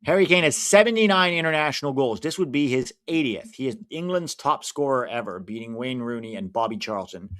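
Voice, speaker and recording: An American man commenting casually on a live football match for his stream viewers, reacting loudly to big moments. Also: mid-range voice, lively intonation, brisk, few pauses. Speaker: watch-along streamer.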